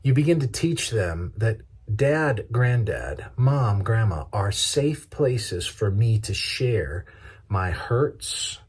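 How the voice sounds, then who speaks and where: A man's voice: on the low side, expressive, slow, slightly rough. A man pastor giving a conversational, practical sermon, acting out everyday examples as he teaches.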